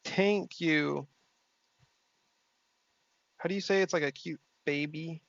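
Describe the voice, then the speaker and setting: A young man streams a sim race, reading chat messages aloud, swearing freely, and talking casually with his viewers. His fairly high voice has vocal fry, and he takes it slowly. There's no echo, but the stream audio is dull and slightly lo-fi.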